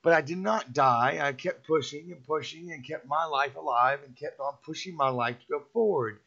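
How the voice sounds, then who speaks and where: A man's voice: fairly high pitch, fairly bright tone. Emphatic middle-aged man, lo-fi recording. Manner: emphatic, repetitive, preachy. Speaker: vlogger giving a motivational talk. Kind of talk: rambling motivational monologue. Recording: dull lo-fi sound.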